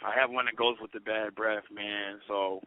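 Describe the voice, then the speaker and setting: A man, an incarcerated comedian calling in as a guest, telling stories in an animated way and saying "you know" a lot. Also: lowish voice, normal speed, no room sound. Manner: animated storyteller, peppers talk with "you know". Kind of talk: storytelling comedy chat. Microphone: prison phone call. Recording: tinny phone line.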